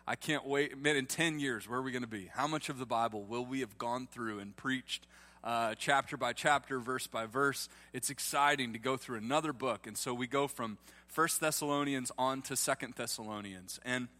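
A man's voice: mid-range voice, bright, forceful tone. A man, preaching a sermon in a livestreamed church and joking with the congregation. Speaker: pastor.

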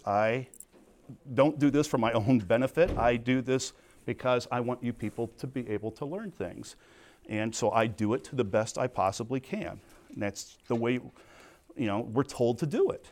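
A man's voice: medium pitch, normal speed, a little mellow. A middle-aged man teaching a Bible study at a Christian camp, earnest and conversational, with plain storytelling asides.

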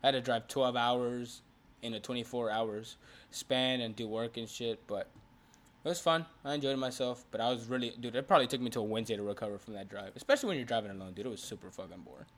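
A young man from Texas, co-hosting a podcast, telling stories in an animated way, swearing freely and laughing often. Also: medium pitch, quick pace. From Texas, USA. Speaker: podcast co-host. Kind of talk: casual chat.

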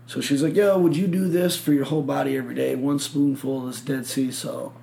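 Gravelly man telling a rambling story. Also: medium pitch, fairly even intonation, a little fast, warm tone, slight background noise. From Michigan. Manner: rambling storyteller, swears a lot, acts out quotes. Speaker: podcast host. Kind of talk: casual chat.

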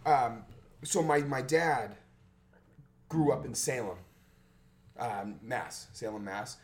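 A man's voice: medium pitch, slow. Casting: man, podcast regular, loose storyteller, curses a lot, plays out the quotes. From Massachusetts. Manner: swearing, rambling storyteller; acts out quotes loudly. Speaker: podcast host. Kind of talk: casual storytelling chat.

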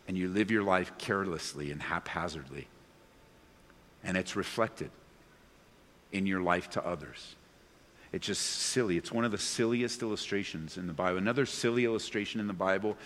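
A man preaching a sermon to a congregation, animated, swinging between loud excited bursts and low earnest tones. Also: slight background noise. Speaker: pastor. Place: church sanctuary before a congregation. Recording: long reverb of a large hall.

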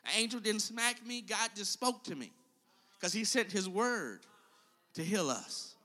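A man's voice: sits high, animated, unhurried, pushed and bright, long reverb tail. A male preacher giving an impassioned sermon and calling out to his congregation. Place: church.

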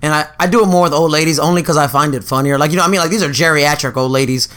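This bright-sounding young man co-hosts a podcast, spinning stories in a voice on the high side and at great speed. The chat is casual and lively, with frequent laughter and quoted characters given their own voices.

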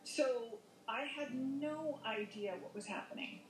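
A woman's voice: high voice, a little slow, a little hiss or hum. Rambling woman in an echoey room. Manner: rambling, full of fillers and self-corrections. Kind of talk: telling a personal near-death story.

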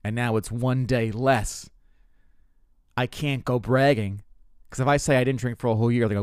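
A man's voice: medium pitch, fairly even intonation, normal speed, long pauses, a little mellow, smooth, no echo, studio quality. A man in his twenties, a comedian and host, telling stories in a rambling, profane, self-mocking way, full of restarts. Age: 20s. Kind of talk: casual comedic monologue.

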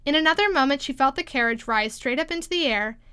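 A woman reading a classic children's story aloud in a gentle, measured storytelling manner. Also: high voice, lively intonation. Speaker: audiobook reader.

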